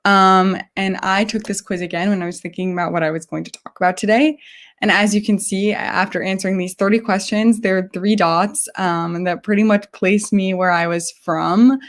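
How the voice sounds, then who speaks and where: A woman from New York giving a live online presentation, explaining in a chatty way with frequent pauses. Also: medium pitch, steady tone. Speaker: guest presenter.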